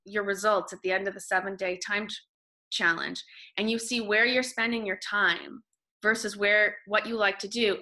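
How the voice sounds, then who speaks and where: Bright-voiced woman guest telling her story. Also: mid-range voice. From Canada. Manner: animated storytelling, quick restarts. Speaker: podcast guest, author. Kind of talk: casual interview talk.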